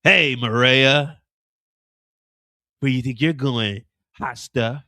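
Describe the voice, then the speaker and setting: A man voicing a cocky male hitman who threatens in a slow, taunting drawl, his voice dropped low. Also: pushed and bright, dry recording, clean studio sound, heavily acted.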